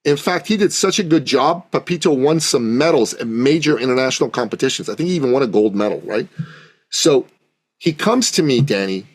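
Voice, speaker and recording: A man who is a podcast guest, telling an animated business anecdote, acting out the dialogue and often asking for agreement. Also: mid-range voice, brisk.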